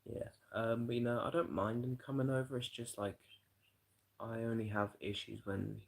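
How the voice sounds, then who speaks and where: A man's voice: mid-range voice, steady tone, normal speed, gravelly, poor audio. A British man chatting loosely on a live stream, rambling and swearing, with lots of "you know". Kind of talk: rambling casual livestream chat.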